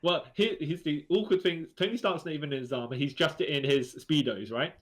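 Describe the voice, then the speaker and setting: Chatty higher-voiced man agreeing along. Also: brisk. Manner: chatty, lots of "yeah", laughs along, chimes in. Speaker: podcast co-host. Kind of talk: casual chat about comics.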